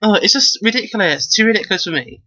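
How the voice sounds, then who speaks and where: Sassy young British man, bright voice. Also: high voice, fast talker, dry recording. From Britain. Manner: sassy, animated, quotes others in mock voices. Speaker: vlogger. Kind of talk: casual vlog monologue. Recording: dull lo-fi webcam audio.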